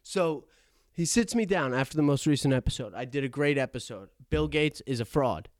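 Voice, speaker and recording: Standing in his attic, a young man hosts his podcast at a mid-pitched, everyday level, rambling, stuttering and cracking jokes at his own expense. He's expressive and a little fast, and the sound is dry and close with no room echo.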